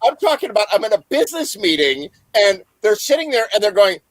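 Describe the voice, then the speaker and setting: Rambling joking man, high voice. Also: sing-song, quick pace, background noise. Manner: rambling, jokey, laughs often. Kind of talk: casual joking chat.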